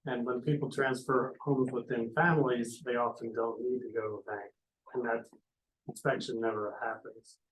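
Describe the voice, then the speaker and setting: A man speaking up at a town hearing, earnest and emphatic in his warnings. His voice is of ordinary pitch with a faint background hiss. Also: little pitch movement, moderate pace, low-quality recording. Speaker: resident speaking at public hearing. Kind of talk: public comment. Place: town hall meeting room.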